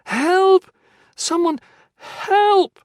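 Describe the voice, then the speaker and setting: A man voicing a frightened young woman police officer held captive, speaking in a hushed, strained way. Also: on the high side, expressive, a little slow, husky, no echo, clean studio sound, full character voice. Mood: panicked.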